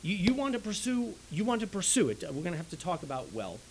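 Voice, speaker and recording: A man preaching a sermon in an animated way, swinging between loud and soft, often checking in with "right?". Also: mid-range voice, fast talker, hardly any pauses, a little hiss or hum, low-quality recording. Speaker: pastor.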